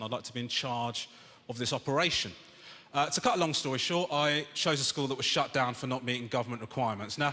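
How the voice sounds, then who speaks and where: A man in his thirties performs stand-up with a high voice, working himself up into exasperated rants and shouted outbursts. He is heard in a large theatre with a long, roomy reverb and clear crowd ambience behind him. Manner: exasperated ranting, rising to shouts. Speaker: stand-up comedian. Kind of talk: stand-up comedy routine. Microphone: stage microphone. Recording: echoey theatre, long reverb, audience noise.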